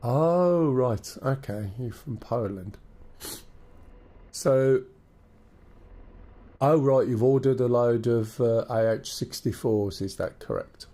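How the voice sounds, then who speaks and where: A man's voice: medium pitch, takes it slowly, long pauses, warm tone. A man with an English accent and a stuffy nose from a cold, chatting through a live flight-sim stream, thinking aloud and greeting viewers. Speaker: game streamer.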